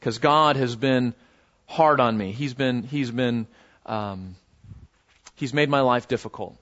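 A pastor preaching a sermon in a conversational way, with many fillers and repeated words, and sudden high jumps in pitch when he quotes someone. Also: slow, a bit bright, highs cut off. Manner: voices biblical figures with sudden pitch jumps.

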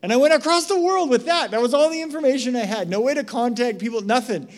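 A man's voice: extremely high pitch, fast. A man from the United States preaching a sermon, telling a story with lots of "right?" asides. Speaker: pastor.

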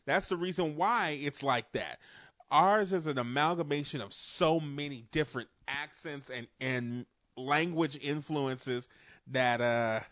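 A man's voice: on the high side, measured pace, a bit bright, no echo, clean studio sound. A man co-hosting a casual chat, who lives in a port city and talks with frequent laughs, restarts and casual swearing. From New Orleans area. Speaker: podcast co-host.

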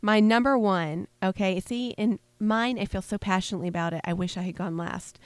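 A woman co-hosting a casual Bible discussion podcast, talking in an animated, emphatic way and teasing her co-hosts. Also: medium pitch, a little fast, no room sound. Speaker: podcast co-host.

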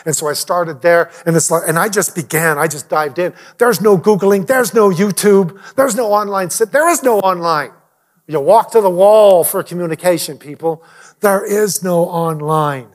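Animated man with a fairly high voice. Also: moderate pace. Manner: animated, drops to near whispers. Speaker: pastor. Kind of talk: personal storytelling talk.

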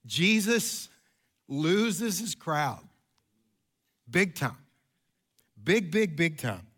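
Man in his fifties, pastor, sermon, chatty joking storyteller, high bright voice. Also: sing-song, drawn-out words.

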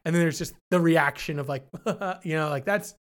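A podcast co-host with a voice on the high side talks quickly and with fairly even intonation. In a casual discussion he works through ideas thoughtfully, hedging and restarting often.

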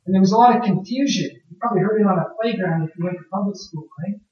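A man's voice: high voice, racing, a little mellow, lo-fi sound. Male preacher, chatty sermon delivery full of rhetorical questions, distant mic in a very echoey room. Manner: conversational, asks rhetorical questions.

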